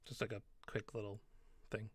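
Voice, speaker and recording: A man's voice: on the low side, completely flat delivery, moderate pace, breathy edge, no room sound, studio quality. A man narrating a tabletop game as game master, in loose, rambling speech full of fillers.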